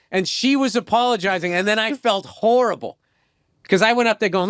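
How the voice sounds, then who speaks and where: As an interview guest, a stand-up comic rambles through profane anecdotes in casual conversation, imitating the people in them and wandering into asides. He talks a little fast in a high, fairly bright, smooth voice; the studio audio has no echo.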